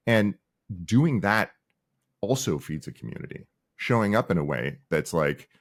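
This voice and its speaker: Here a middle-aged man who founded a company talks casually in an interview, his voice on the low side at normal speed. He's an animated storyteller, playing out the people he quotes.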